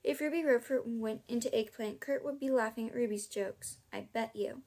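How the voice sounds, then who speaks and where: A woman's voice: fairly high pitch, normal speed, dark tone. A woman reading a children's book aloud in a casual way, now and then stopping to chuckle and comment. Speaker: audiobook reader. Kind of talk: amateur audiobook reading.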